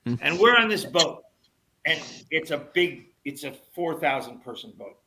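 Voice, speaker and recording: An older man with a bright, forceful voice spins a wild story in relaxed podcast talk. He acts out the other people's lines, drops curses freely and sits a touch higher in pitch than most men. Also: unhurried, husky, rough recording. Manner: animated anecdote telling, swearing, acting out quotes. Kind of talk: casual chat.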